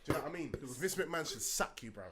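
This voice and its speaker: A man's voice: fairly high pitch, expressive, fast, a loud crowd. A man ranting in casual podcast banter, slangy and repetitive, with friends laughing around him. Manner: ranting, slangy, repeats himself.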